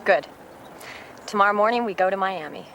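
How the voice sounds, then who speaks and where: An actress playing a police detective who briefs her team in a brisk, businesslike way. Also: mid-range voice, a bit bright, a little hiss or hum, lightly acted. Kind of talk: TV crime drama acting.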